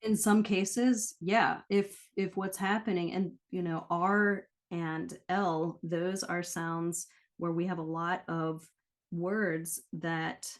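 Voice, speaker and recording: Lower-voiced woman explaining patiently. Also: little pitch movement, slow pace. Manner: explanatory, often checks in with "right?". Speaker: guest, pronunciation coach. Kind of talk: casual interview conversation.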